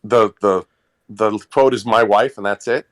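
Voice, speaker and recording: A man's voice: on the low side, steady tone, a little slow. A man guesting on a podcast, easygoing and self-deprecating in casual chat.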